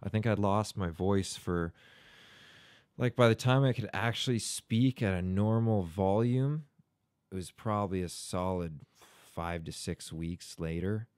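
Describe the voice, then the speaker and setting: A man's voice: sits low, unhurried, darkish tone, clean tone. A young man talking casually as a podcast guest, rambling, talkative and swearing freely. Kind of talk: casual chat.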